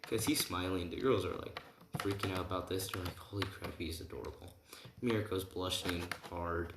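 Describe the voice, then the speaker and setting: A man's voice: low-pitched, steady tone, moderate pace. A man casually improvising a story, rambling with constant "right?" and "like" fillers. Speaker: storyteller of an anime fan scenario. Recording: roomy, noisy home recording with typing.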